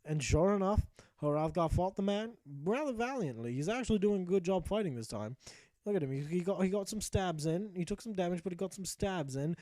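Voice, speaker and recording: A man's voice: high-pitched, lively intonation, brisk, dark tone, no echo. A young man giving profane, mock-epic narrated commentary over a game he plays. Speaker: gaming commentator. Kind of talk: comic narrated gameplay commentary.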